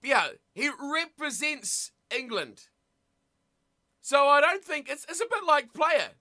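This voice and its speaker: High, bright, excitable rugby streamer. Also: takes it slowly. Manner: excitable, shouts and laughs at big plays; chatty, talks straight to viewers in chat. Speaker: streamer hosting a rugby watch party. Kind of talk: live casual commentary and chat reading.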